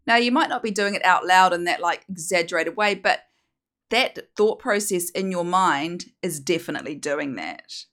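A woman's voice: on the low side, a bit bright. Encouraging woman podcast host. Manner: chatty, encouraging, acts out food cravings in playful voices. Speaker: podcast host and weight-release coach. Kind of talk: solo podcast monologue.

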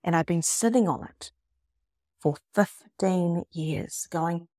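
A middle-aged woman coach, talking in an emphatic, expressive way and acting out the people she quotes. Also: on the low side, slow, no echo, studio quality. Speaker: spiritual coach. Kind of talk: casual motivational monologue.

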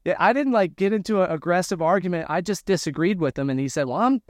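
Animated man telling a prison story. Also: sits high, quick pace, no echo, studio quality. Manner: animated storyteller, acts out quoted dialogue. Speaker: guest telling his story. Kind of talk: conversational storytelling.

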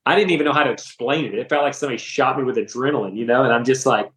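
A man in his thirties shares his personal faith testimony as a podcast guest, with a medium-pitched voice. He tells it in an animated, emotional way, full of casual slang. The recording has a roomy echo. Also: rapid-fire. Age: 30s.

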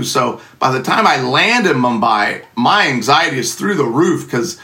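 A man's voice: medium pitch, sing-song, unhurried, bright, forceful tone. A middle-aged man telling a funny personal story in a casual, sarcastic, self-mocking way.

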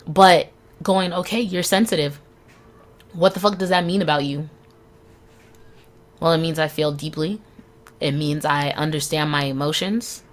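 A young woman hosts a solo podcast, talking candidly and frankly, swearing freely, and laughing between phrases. Her voice is deep and a bit bright.

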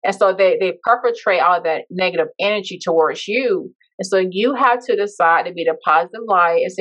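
Woman guest on a podcast, heartfelt and reflective, kinda low voice, muffled lo-fi audio. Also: a little fast, hardly any pauses, fairly bright tone. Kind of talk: personal storytelling. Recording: dull lo-fi sound.

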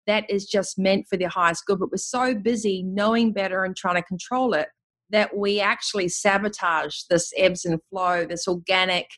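A woman hosting a spiritual conversation, speaking in an enthusiastic, flowing and expressive way. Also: mid-range voice, moderate pace. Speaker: podcast host.

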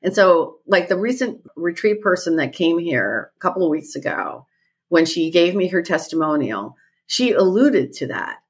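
A woman with a low, husky voice who speaks as a podcast guest. She talks earnestly and thoughtfully and comes back to her key phrases. She leads retreats. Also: very animated, moderate pace. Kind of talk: reflective podcast conversation.

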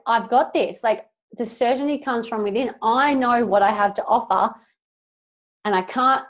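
A young woman hosts a solo motivational podcast, coaching her listeners in a casual, emphatic way and swearing freely. Her voice is medium-pitched.

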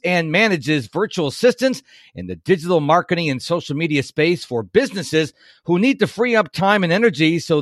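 A man's voice: a little high, dry recording, clean studio sound. A man hosting a podcast interview, talking in an enthusiastic, rambling way with fillers. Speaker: podcast host. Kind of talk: casual interview chat.

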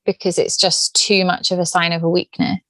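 A woman's voice: lowish voice, level tone, moderate pace, a bit bright, no echo. A British woman hosting a podcast interview, chatty, blunt and teasing with her guest. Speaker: podcast host.

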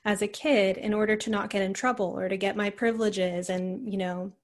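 Young woman guest on a podcast just rambling through a story, like, you know, mid pitch. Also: fairly even intonation, a little fast, slight background noise. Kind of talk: casual conversational storytelling.

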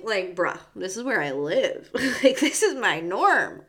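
A woman's voice: mid-range voice, sing-song, slow pace, few pauses, a bit bright. A young adult woman hosting a spiritual podcast as a psychic medium, talking in a chatty, bubbly way with lots of fillers. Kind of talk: casual chat.

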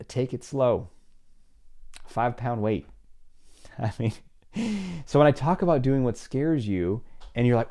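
A man's voice: fairly low pitch, a little mellow. A man in his forties, a confidence coach and podcast host, talking casually on his own and acting out quoted dialogue in shifting voices. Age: 40s. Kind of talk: casual solo podcast talk.

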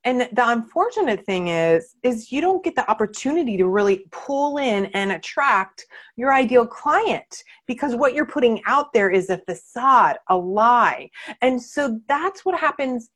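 A woman's voice: a little high, lively intonation, moderate pace, fairly bright tone, husky. A woman coaching her clients in a candid training talk, emphatic and blunt, and she swears freely. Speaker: marketing coach.

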